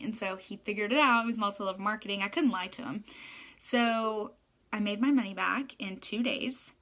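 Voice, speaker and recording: A young woman who works as a hairstylist chats to her viewers in a loose, rambling way. She fills her talk with "um" and "like", and her voice sits at an ordinary middle pitch. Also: brisk, fairly bright tone. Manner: chatty, rambling storytelling with many fillers.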